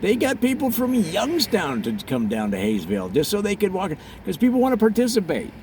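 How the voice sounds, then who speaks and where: A man hosts a mock tour, telling absurd tall tales with animated, storytelling energy. His voice sits high and swoops up and down with wide, lively swings. A faint hiss of noise sits under the voice. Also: a little fast. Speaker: comedic tour host. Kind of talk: deadpan parody travelogue.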